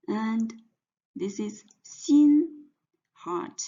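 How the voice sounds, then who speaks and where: A woman teaching pinyin in a slow lesson, saying each syllable several times over. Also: mid-range voice, animated, dark tone. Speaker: Chinese teacher. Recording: dull lo-fi sound.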